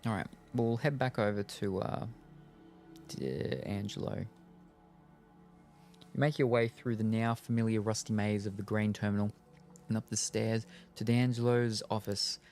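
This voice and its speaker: A man's voice: on the low side, a little slow, pauses often, soft background music. Give me a man reading a game's story aloud. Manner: steady narration with casual asides. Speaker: game streamer. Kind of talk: reading game text aloud.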